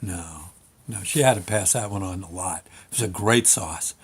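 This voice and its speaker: An older man hosting his show, telling a fond, rambling family story full of halting restarts. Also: deep voice, breathy edge. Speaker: show host. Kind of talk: nostalgic storytelling monologue.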